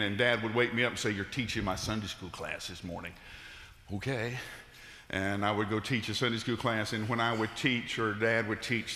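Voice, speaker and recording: Bright-voiced man preaching in a big hall. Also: mid-range voice. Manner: folksy storytelling with frequent "uh" fillers. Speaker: pastor. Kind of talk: sermon. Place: church sanctuary. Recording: reverberant church hall.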